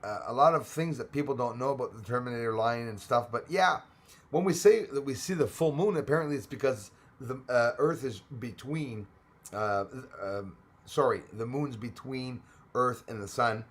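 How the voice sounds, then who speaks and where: A man's voice: mid-range voice, normal speed. A middle-aged man, hosting a casual live stream, reading out viewer comments with lots of fillers and the odd cough. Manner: chatty, reads out viewer comments, frequent fillers. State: coughing now and then. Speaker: livestream host.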